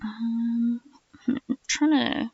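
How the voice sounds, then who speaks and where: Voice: medium pitch, fairly even intonation, extremely slow, creaky, husky, dry recording, dull audio. A streamer chatting casually, rambling through asides and laughing often. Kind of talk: casual chat.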